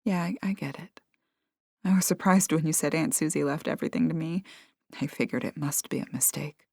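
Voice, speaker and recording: Woman reading a soft-spoken heroine. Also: mid-range voice, very animated, a little slow, no echo, studio quality. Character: recently divorced woman, soft-spoken and polite.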